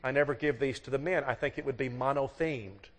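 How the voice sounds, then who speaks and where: A man's voice: mid-range voice, a little fast, background noise. A man giving a sermon to a congregation, telling folksy stories and acting out the voices of the people in them. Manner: folksy storytelling, acts out quoted voices. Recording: long hall reverb.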